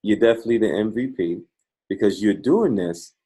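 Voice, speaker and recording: A man with a husky, slightly breathy voice runs a live trading call. He jokes and encourages callers in a folksy, easygoing way. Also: fairly low pitch, a little fast, warm tone. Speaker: trading coach hosting a call.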